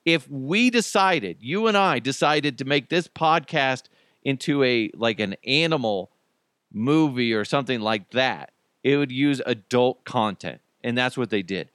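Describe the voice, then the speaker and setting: A middle-aged man hosts a podcast, swearing freely and laughing through his stories. His pitch swings widely as he talks. The recording is dry and close on the mic. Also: a little slow, clean tone, dry recording. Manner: profane, animated storyteller, laughs often. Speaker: podcast host. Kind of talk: casual chat.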